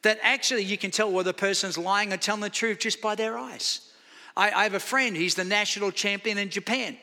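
A man's voice: high voice, fairly quick, long reverb tail. An Australian man in his fifties preaching a sermon, telling stories with acted dialogue. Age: 50s. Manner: storytelling with acted dialogue, animated. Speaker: pastor. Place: church sanctuary.

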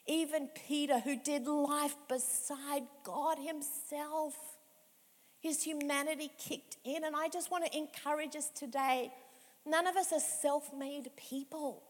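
A woman's voice: high voice, fairly even intonation, measured pace. A woman in her fifties, a pastor giving a conversational sermon with emphatic repetition, in a reverberant hall. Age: 50s. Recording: echoey hall with long reverb.

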